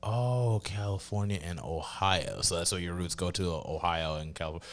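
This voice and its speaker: A man's voice: low-pitched, moderate pace, fairly bright tone. A man hosting a podcast interview, laid-back and laughing often, with lots of filler words. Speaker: podcast host. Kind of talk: casual interview.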